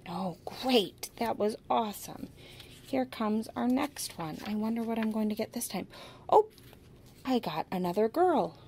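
A woman walks through a children's sentence activity in an upbeat teaching voice. She talks at an unhurried pace and stretches out each modeled phrase so every word stands out. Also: fairly high pitch, lively intonation, gravelly, darkish tone, slight background noise. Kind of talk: instructional demonstration.

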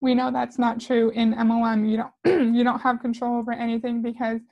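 A woman's voice: a little high, level tone, brisk, no echo, highs cut off. A woman commentator reacting to clips with sarcastic, skeptical remarks. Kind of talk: critical commentary.

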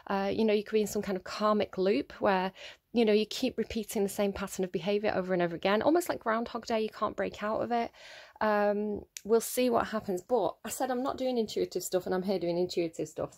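A woman's voice: medium pitch, brisk, darkish tone. A woman giving a casual solo tarot reading, thinking aloud with many fillers and restarts. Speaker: tarot reader.

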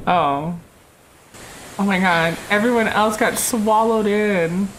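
A woman's voice: medium pitch, slow pace, very noisy. A young woman reacting live to an anime episode, exclaiming and gasping as she watches. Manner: excitable, frequent gasps and exclamations. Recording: loud show soundtrack playing under her voice. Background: anime episode music and dialogue.

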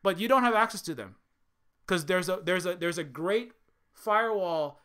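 A man's voice: sits high, expressive, normal speed, fairly bright tone. A man from Hawaii giving a heated unscripted monologue, repeating words and restarting his sentences. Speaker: video essayist.

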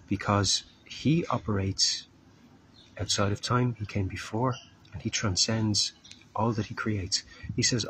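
Slight background noise sits under this low-voiced man's informal street sermon. Earnest and unhurried, he draws out his words and occasionally acts out the voices of people he's quoting.

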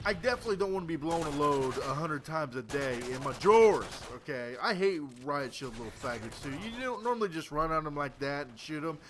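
Late at night and tired, a man gives casual gameplay commentary, rambling crudely and stammering through restarts. His voice is a little high, and the background is noisy.

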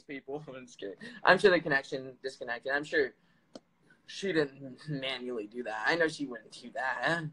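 A man's voice: mid-range voice, moderate pace, sharp tone. A young man hosting a live stream from his phone, hyper and joking as he reads viewer comments aloud. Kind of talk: casual live-stream chat.

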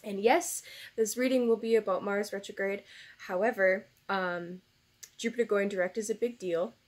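A woman's voice: medium pitch, fairly even intonation, normal speed. A woman tarot reader in a casual vlog, emotional and teary, sighing and laughing as she rambles gratefully. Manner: soft, rambling, many fillers. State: tearful.

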